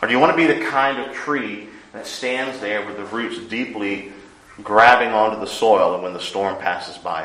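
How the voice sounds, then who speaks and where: A man preaching a sermon, earnest, rising to loud emphasis and dropping to hushed lines. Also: lowish voice, reverberant, a little hiss or hum, poor audio. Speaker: pastor.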